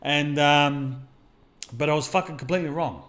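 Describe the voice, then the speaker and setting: His voice runs on the high side, a bit bright, at normal speed. A middle-aged mindset coach and podcast co-host, he shares personal stories in a casual chat, blunt and swearing heavily.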